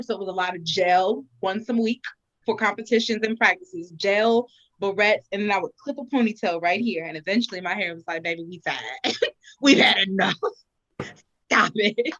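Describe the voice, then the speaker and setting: Bright-voiced woman chatting animatedly. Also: medium pitch, dry recording, muffled recording. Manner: animated, expressive storytelling. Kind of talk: casual chat.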